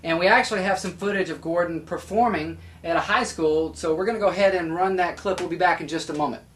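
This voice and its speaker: A man hosting a casual studio interview, upbeat and quick to laugh, with loose, filler-heavy phrasing. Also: high-pitched, background noise. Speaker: talk show host.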